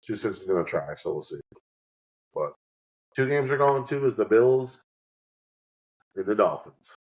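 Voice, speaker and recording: Low-voiced rambling man telling stories. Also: sing-song, unhurried, poor audio. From New York. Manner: rambling storyteller, acts out quotes. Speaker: podcast co-host. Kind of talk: casual chat.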